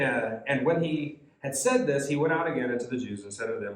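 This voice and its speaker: A man's voice: medium pitch, animated, fast, few pauses. A man leading a youth Bible study, reading scripture aloud and explaining it in a conversational way. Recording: echoey room.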